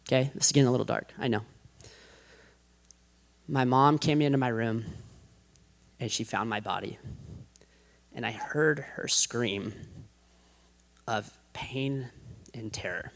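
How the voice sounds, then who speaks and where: Man of medium pitch telling his testimony to a crowd; chaotic and rambling, sinks to a quiet hush when it gets heavy. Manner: rambling, self-described chaotic, with many restarts; drops to a hushed, quiet voice at heavy moments. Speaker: guest giving a testimony. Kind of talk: personal faith testimony to an audience.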